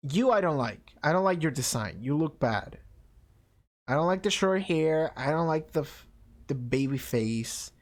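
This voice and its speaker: A woman's voice: low-pitched, expressive, measured pace. A woman streaming a visual novel, rambling through blunt, offhand opinions on the characters, with faint game music behind her. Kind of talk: casual let's-play commentary, reading dialogue aloud.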